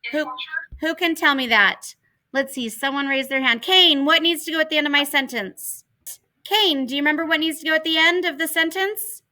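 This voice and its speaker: A woman's voice: high voice, normal speed, pushed and bright, poor audio. A woman teacher giving a patient online writing lesson to children from home, spelling out letters and steps aloud into a laptop mic. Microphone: laptop computer mic.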